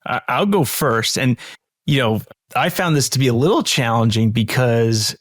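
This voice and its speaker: A man's voice: medium pitch, expressive, moderate pace, no room sound, studio quality. A man co-hosting a podcast in a casual chat, thinking aloud with lots of fillers. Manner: thinking aloud, frequent "you know" and "like". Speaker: podcast co-host.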